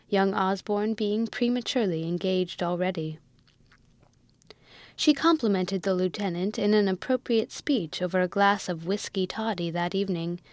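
Reading scripted narration from a classic novel, a female audiobook narrator keeps a steady, story-like pace. Her voice is middle-pitched and somewhat dark, recorded close and dry without any room sound.

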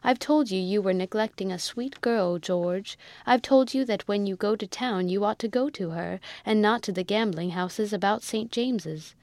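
A woman reads a good-natured, loyal army captain who speaks earnestly and gently scolds his friend. Her voice stays near its usual middle pitch. The recording is dry and close. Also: normal speed, hardly any pauses, no room sound, natural voice. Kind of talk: audiobook reading.

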